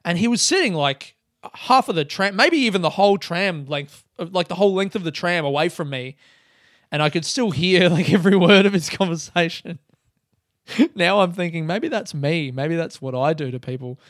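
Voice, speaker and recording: A man's voice: sits high, moderate pace, dry recording, studio quality. A man with an Australian accent hosting a solo podcast, telling rambling stories in casual chat full of swearing. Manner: rambling, heavy swearing, animated storytelling.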